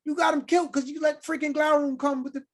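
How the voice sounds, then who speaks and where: A man's voice: very high voice, level tone, quick pace. A man co-hosting a podcast, ranting in casual slang and acting out quoted lines. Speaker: podcast co-host. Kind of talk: casual chat.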